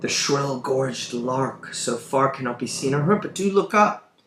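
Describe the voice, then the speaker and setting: Rustic disguised young man, high and exclaiming, acted by a man, echoey room, faint hum. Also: animated, measured pace. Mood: urgent, exclaiming. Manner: loud, high, rustic put-on accent.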